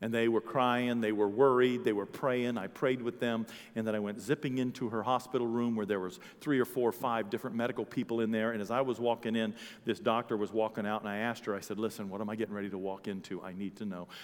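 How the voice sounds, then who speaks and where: A man preaching a sermon as a pastor, telling a story and swinging from quiet to loud. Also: medium pitch, steady tone, a little fast, hardly any pauses, big-room sound.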